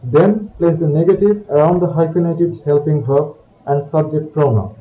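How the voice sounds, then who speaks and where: A man with a slightly high voice explains French grammar step by step, in a careful teaching manner. The sound is dull, with a roomy echo and faint background hiss. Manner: slow, careful, explanatory delivery. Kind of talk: recorded grammar lesson.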